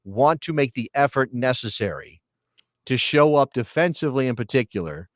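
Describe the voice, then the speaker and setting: A man's voice: mid-range voice, expressive, normal speed, dry recording, studio quality. A man hosting a live sports talk show, chatty and joking, with many fillers and restarts. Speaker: podcast host.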